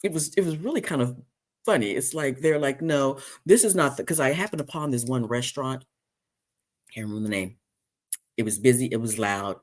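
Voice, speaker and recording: A man hosting a casual live-stream chat, rambling with many fillers and restarts, and jumping high when he mimics people. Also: fairly quick, long pauses. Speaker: host.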